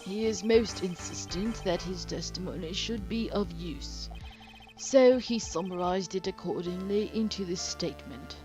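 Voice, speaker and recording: A woman voicing a formal, pompous elderly male judge in a game, speaking in a measured way. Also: lowish voice, a little mellow, soft background music, lightly acted. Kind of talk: let's play character voice.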